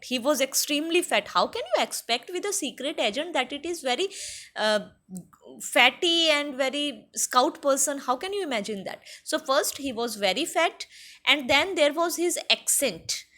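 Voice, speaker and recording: A woman's voice: on the high side, a bit bright. Indian woman teacher explaining a story. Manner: reads textbook lines aloud, then paraphrases them slowly with many fillers. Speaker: English teacher. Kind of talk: classroom lesson explaining a textbook chapter.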